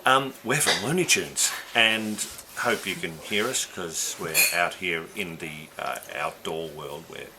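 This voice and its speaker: A man's voice: low-pitched, measured pace, few pauses. A middle-aged man, a band member, chatting casually and self-mockingly while introducing old footage outdoors. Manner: dry, rambling, self-mocking. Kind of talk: casual joking chat. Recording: outdoor recording with clear background noise.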